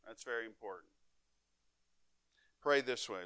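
A man pastor preaching a sermon, with emphatic delivery that swings between loud and soft and between fast and drawn out. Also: mid-range voice, expressive, no echo. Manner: emphatic preaching with wide swings in loudness and pace.

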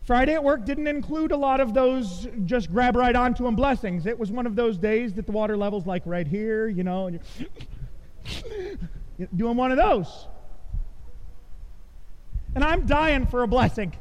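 Middle-aged male preacher, very high voice, animated self-mocking storyteller, church reverb. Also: moderate pace, long pauses, a little hiss or hum. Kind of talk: storytelling sermon. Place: church sanctuary.

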